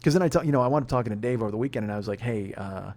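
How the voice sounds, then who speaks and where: Fast-talking ranting man in his forties. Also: medium pitch, a little mellow, a little hiss or hum. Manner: heated, profane, exasperated ranting. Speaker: podcast host and comedian. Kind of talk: ranting storytelling monologue.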